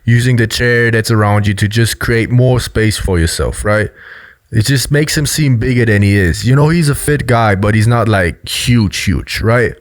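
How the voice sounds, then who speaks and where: A man's voice: lowish voice, normal speed, no room sound. A man giving a loose, explanatory commentary on body language, full of fillers. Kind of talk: casual video commentary.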